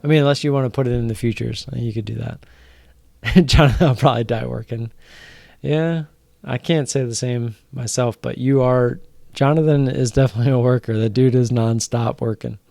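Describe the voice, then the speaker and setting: A man's voice: medium pitch, steady tone, fairly quick, gravelly, warm tone, no room sound, studio quality. A young man, drunk, hosting a late-night live stream and teasing his chat viewers in a rambling way.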